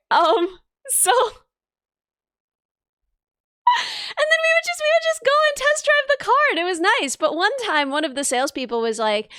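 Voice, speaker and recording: A woman's voice: high-pitched, a bit bright, no room sound, clean studio sound. A woman streaming, chatting casually and playfully, jokingly dropping words like a caveman. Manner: playful, drops articles jokingly. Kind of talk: casual chat. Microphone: desk mic at computer.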